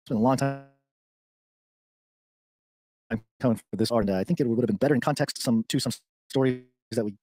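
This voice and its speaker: Fast-talking, rambling podcast co-host man. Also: medium pitch, darkish tone. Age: adult with young children. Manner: rambling, stops and restarts, laughs easily. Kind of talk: casual chat.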